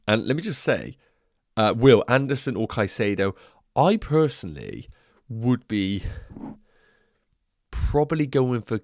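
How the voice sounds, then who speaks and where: Congested man, lively chatter. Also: lowish voice, no echo, studio quality. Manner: chatty, thinking aloud to viewers. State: congested nose. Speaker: fantasy football streamer. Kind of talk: casual livestream chat. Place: home room.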